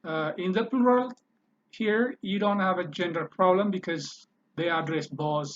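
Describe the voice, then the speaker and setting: A man teaching a language lesson, talking slowly and hesitantly, with many fillers and repeated words. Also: sits high, a bit bright, slight background noise. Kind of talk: slow spoken language lesson. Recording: dull lo-fi recording.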